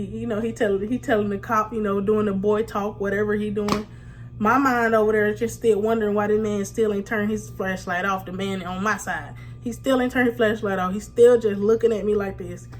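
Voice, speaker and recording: A woman vlogger telling a funny story in a slangy, animated way, often breaking into laughs. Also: medium pitch. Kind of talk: storytime vlog.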